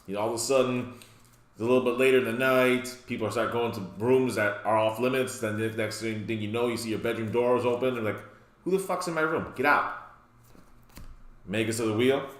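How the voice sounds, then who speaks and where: A man's voice: mid-range voice, steady tone, brisk. Man casually joking through a card list. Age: adult, past his youth. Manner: joking, rambling asides. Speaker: card game deck tech host. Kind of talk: casual deck walkthrough. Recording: roomy echo.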